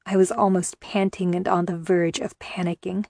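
A woman's voice: fairly low pitch, little pitch movement, moderate pace, few pauses, darkish tone, no room sound, studio quality. A woman reading a first-person story aloud with tense, emotional delivery. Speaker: audiobook narrator. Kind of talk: first-person audiobook narration.

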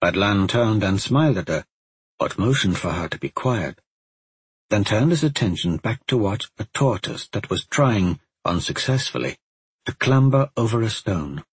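A man reads a fantasy story aloud in a calm, steady way, his rather low voice heavily husky and breathy. The recording is close and dry, with no room sound at all. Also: moderate pace, no room sound. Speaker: narrator. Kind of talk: audiobook narration.

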